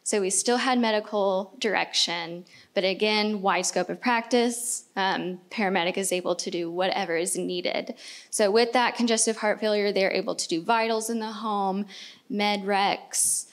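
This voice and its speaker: A woman's voice: medium pitch, moderate pace. A woman from Indiana speaking on a conference panel, explaining a community health program with frequent fillers. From Indiana, United States.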